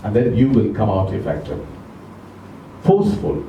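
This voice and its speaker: Indian english guy lecturing on voice, slow emphatic delivery, echoey room, faint hum behind. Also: medium pitch, lively intonation, dark tone, recorded from a distance. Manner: measured, emphatic, slows down to stress words. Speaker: speaker at a public speaking club. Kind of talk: educational talk on speaking voice. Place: large club meeting room. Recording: echoey room, speaker off mic.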